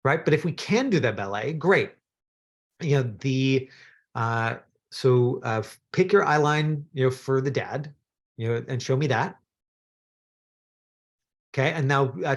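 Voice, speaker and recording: A man from Canada coaches an actor through a scene. He talks in a loose, chatty way, full of fillers and encouragement, at a middling pitch. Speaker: acting coach. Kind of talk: acting workshop instruction.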